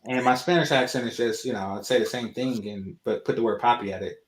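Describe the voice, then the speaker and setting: A man's voice: medium pitch, quick pace, a little hiss or hum. A man chatting casually as a co-host, his mid-range voice wandering through thoughts with plenty of fillers. The room around him rings with a noticeable echo. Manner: loose, rambling, many fillers. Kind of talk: casual reaction chat. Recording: roomy echo.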